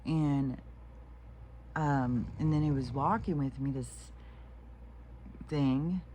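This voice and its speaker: A woman's voice: a bass voice, slow, dark tone, slight background noise. A woman talking to camera in a meandering, frank monologue, swearing freely and often restarting her sentences. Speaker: vlogger. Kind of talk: rambling casual monologue.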